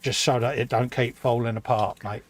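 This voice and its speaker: A man's voice: mid-range voice, steady tone, normal speed. A man co-hosting a live hobby stream, bantering in a slangy way and jokingly boasting as he builds a model.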